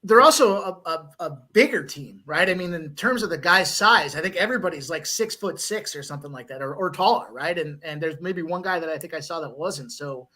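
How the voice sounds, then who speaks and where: A man co-hosting a live sports stream, chatting casually and joking with quick bursts of talk. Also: a little high, lively intonation, bright, forceful tone. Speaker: co-host.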